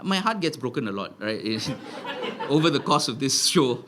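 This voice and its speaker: A male stand-up comedian, telling stories in an animated, punchy way and tagging lines with "right?". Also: mid-range voice, unhurried, noisy background. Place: live comedy venue with audience laughter.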